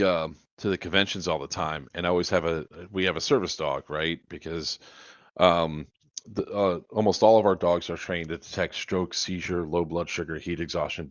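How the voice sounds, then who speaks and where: Hosting a charity livestream, this man rambles through profane, casual anecdotes punctuated by frequent laughter. His voice is deep, and the recording is dry, dull lo-fi stream audio.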